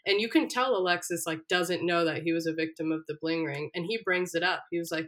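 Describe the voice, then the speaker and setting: Animated young woman retelling a story. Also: on the low side, a little fast, hardly any pauses. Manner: animated storyteller, acts out quotes, laughs often. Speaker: podcast co-host. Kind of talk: casual chat, retelling a reality show.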